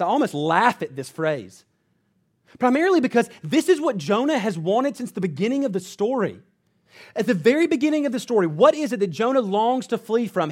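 A pastor delivering a sermon from the pulpit, a man with a fairly high voice. He preaches earnestly and now and then sinks to a low, hushed emphasis on key words.

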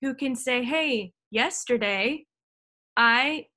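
A woman with a fairly high voice hosts a podcast, responding to her guest in an affirming, encouraging way. She speaks conversationally, building on his points. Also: slow pace, pushed and bright. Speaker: podcast host.

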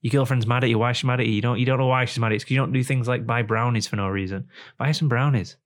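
In a mid-range voice with a steady tone, a podcast host rattles off his words rapid-fire. Sitting indoors across from his guest, he chats casually and delivers a rambling, joking ad read.

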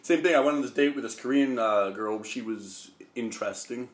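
A man's voice: medium pitch, moderate pace. Canadian man telling travel stories. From Calgary, Canada. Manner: animated, jokey, swears freely. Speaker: guest. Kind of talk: casual storytelling chat.

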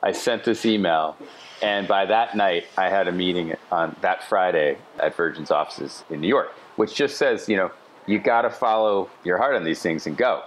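A middle-aged man telling anecdotes as a podcast guest, casual and animated with chatty asides. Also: low-pitched, moderate pace, slight background noise. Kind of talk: casual storytelling.

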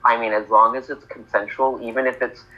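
A man co-hosting a casual comedy podcast, rambling and hedging with halting restarts. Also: medium pitch, level tone, dull audio. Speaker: podcast co-host.

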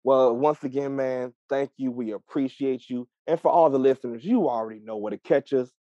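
A man's voice: mid-range voice, a little fast, dark tone, dry recording, highs cut off. A man co-hosting a wrestling podcast, hyped and playful, fond of puns. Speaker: podcast co-host. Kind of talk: excited wrestling podcast chat.

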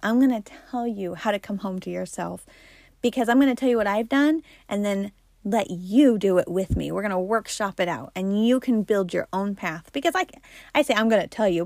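A woman's voice: mid-range voice, lively intonation, normal speed, a little mellow, no room sound, studio quality. A woman in her forties hosting a podcast, telling personal stories in a candid, chatty way and laughing often. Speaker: podcast host. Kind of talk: personal storytelling talk.

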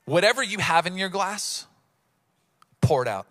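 Animated bright-voiced male preacher. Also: high-pitched, normal speed. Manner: animated preaching, acts out bits of the story in voices. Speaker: pastor. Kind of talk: sermon.

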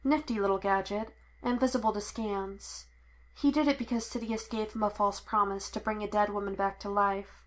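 A woman reading the lines of a weary, grim man who is a Jedi, in a low, subdued voice. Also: steady tone, normal speed, natural voice. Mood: quiet grim.

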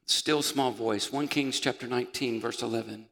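A man preaching a sermon as pastor, moving between loud calls and hushed, near-whispered passages. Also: medium pitch, normal speed. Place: church sanctuary. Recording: church sanctuary with long reverb.

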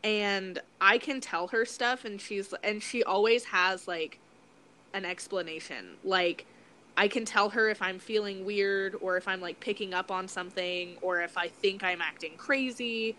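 A woman hosting a podcast, chatting casually and backing up her guest with quick replies. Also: medium pitch, sharp tone. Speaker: podcast host. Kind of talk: casual chat.

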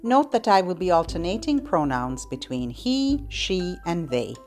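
A woman who works as a children's librarian, hosting a podcast and giving gentle tips to parents and babies in a slow, sing-song way. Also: lowish voice, sing-song, soft background music.

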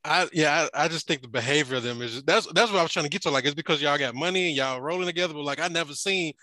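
Bright-voiced joking man in his forties. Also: on the high side, rapid-fire, no echo. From Chicago. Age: 40s. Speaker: podcast co-host. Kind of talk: casual chat.

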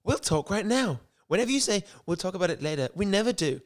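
A man's voice: sits high, very animated, fast, pitched above the performer's own voice. A man playing a melodramatic young woman. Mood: dramatic. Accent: posh English drifting into American. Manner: melodramatic, stilted script reading. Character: overwrought young woman on the phone.

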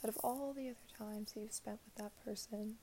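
A young woman giving a reflective spoken monologue, her voice soft and drifting in and out of a whisper. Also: a little high, fairly even intonation, brisk, a little hiss or hum.

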